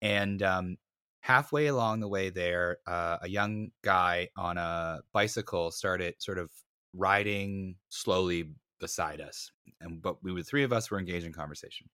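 Low-voiced man telling a story. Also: a little slow, clean tone, dry recording, clean studio sound. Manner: animated, acts out voices in anecdotes, self-mocking. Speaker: podcast co-host. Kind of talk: casual storytelling chat.

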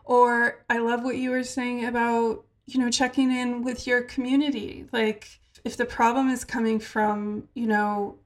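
Higher-voiced woman hosting a podcast. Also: little pitch movement, measured pace, hardly any pauses. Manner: curious, guiding questions, gentle. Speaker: podcast host. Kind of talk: casual podcast conversation.

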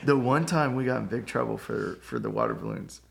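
A man co-hosting a church podcast, chatting casually and telling animated stories. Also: medium pitch, a little fast, gravelly, slight background noise. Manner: animated storyteller. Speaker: podcast co-host. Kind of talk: casual chat.

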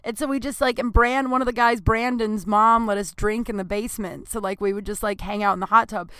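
A woman's voice: medium pitch, steady tone, a little fast, a bit bright, clear, resonant tone, dry recording. A young woman comedian hosting her podcast, telling a crude, self-mocking story in casual chat, full of fillers. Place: home room, recording on a computer.

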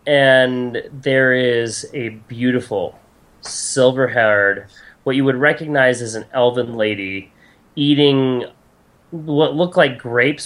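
A man running a tabletop game as game master, narrating scenes slowly and descriptively. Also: mid-range voice, a bit bright.

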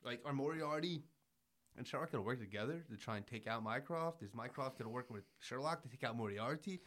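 A man's voice: mid-range voice, brisk, slight background noise. A young man in casual podcast chat, eagerly retelling scenes and acting out the characters' lines. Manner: excitable, acts out quotes, swears casually. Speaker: podcast co-host. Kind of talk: casual anime recap chat.

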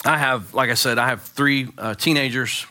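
A man in his forties, a pastor giving a sermon with animated, joking storytelling. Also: medium pitch, moderate pace. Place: church sanctuary.

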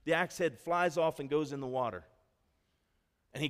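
A man preaches in a fairly high voice that carries a long hall echo. He tells stories in an animated way and acts out the quotes in them. His pace rises and falls as he goes. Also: normal speed, long pauses. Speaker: pastor. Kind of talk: sermon.

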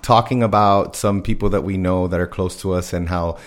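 A man co-hosting a podcast, talking earnestly, quick to laugh and acting out his own inner voice. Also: low-pitched, fairly even intonation. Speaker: podcast co-host. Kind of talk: casual chat.

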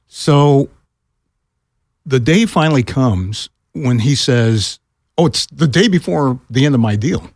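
A man's voice: slow pace, dry recording, studio quality. An older man, a retired broadcaster, telling a story in a casual chat on a podcast and acting out the other voices. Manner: animated, acts out quoted voices with pitch jumps.

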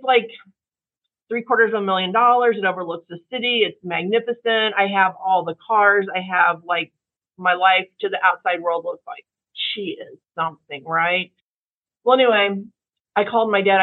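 A middle-aged woman from the Kansas City area telling her story in a casual interview, animated and full of fillers, acting out other people's voices. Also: mid-range voice. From Kansas City area, USA. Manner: animated, acts out quoted voices, many fillers. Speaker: guest. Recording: tinny phone-like line with faint music.

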